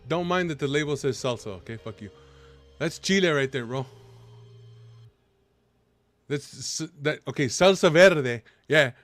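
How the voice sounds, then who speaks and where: A man's voice: on the high side, lively intonation, measured pace, long pauses, a bit bright, soft background music. A man chatting casually on a live stream. He argues brashly, swears freely, and keeps saying bro and dude.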